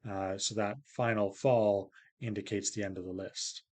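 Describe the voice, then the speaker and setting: A man's voice: fairly low pitch, steady tone, moderate pace, darkish tone. Casual male lecturer explaining phonetics. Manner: casual explanatory, with fillers and self-corrections. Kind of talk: recorded lecture video.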